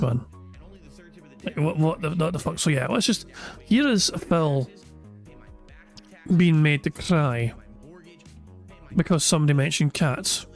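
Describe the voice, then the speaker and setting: A man mocks a clip as it plays, sarcastic and swearing freely. His voice is on the higher side, and faint music sits in the background. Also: darkish tone. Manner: sarcastic, profane, mocking. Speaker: streamer reacting to a clip. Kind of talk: mocking live commentary.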